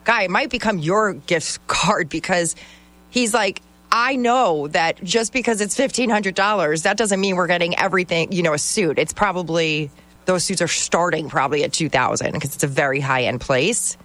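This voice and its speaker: A woman's voice: fairly low pitch, moderate pace. A woman chats casually on air, spinning anecdotes. She acts out the lines of the people in her stories. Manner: chatty storyteller, animated quoting. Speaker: radio show co-host.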